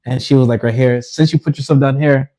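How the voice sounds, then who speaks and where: A man's voice: mid-range voice, fairly even intonation, brisk, warm tone. A man co-hosting a podcast, teasing his friend in casual chat. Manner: teasing, reacts with laughter.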